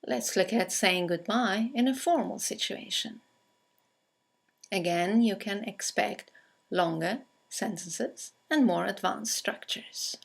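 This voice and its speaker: A woman teaching English in a scripted lesson, speaking with clear, careful delivery as she reads out example phrases. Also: medium pitch, slow pace.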